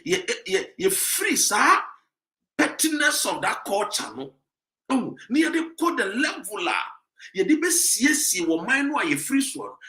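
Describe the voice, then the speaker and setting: A man with a Ghanaian accent giving emphatic commentary, full of rhetorical questions, sometimes loud and sometimes dropping low. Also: reverberant. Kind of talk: animated commentary mixing Twi and English.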